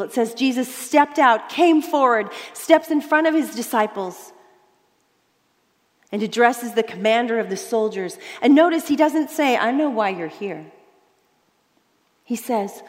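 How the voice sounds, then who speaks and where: A woman preaching a sermon, telling the story dramatically, dropping to hushed tones and then rising for emphasis. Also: on the high side, expressive, a little slow, big-room sound.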